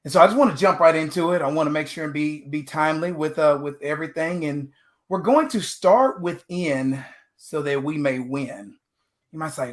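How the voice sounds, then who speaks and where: An energetic man delivers a motivational talk with a preacher-like push, his voice sitting a little high for a man. He speaks as a guest on a video call panel. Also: normal speed. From Texas.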